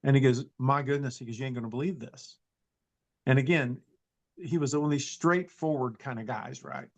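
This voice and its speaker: A man telling a personal story in a casual, halting way, full of restarts and "he goes", plainspoken and folksy. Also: medium pitch. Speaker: storyteller recounting an encounter.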